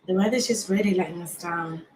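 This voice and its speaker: A woman in her late twenties from Nottingham, England, hosts a casual livestream in her Nottingham accent, chatting, laughing a lot, and greeting viewers by name. Her voice is lowish, brisk, and darkish. The recording is low quality, with a bit of background noise.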